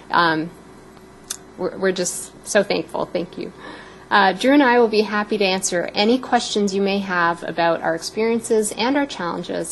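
A woman in her fifties from Canada giving a prepared, personal speech as a guest speaker, warm and a little emotional. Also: mid-range voice, a little hiss or hum, low-quality recording.

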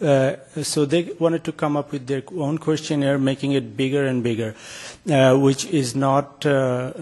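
A man's voice: medium pitch, darkish tone, breathy edge. A man presenting a research project in an academic talk, hesitant, with many filler sounds and restarts.

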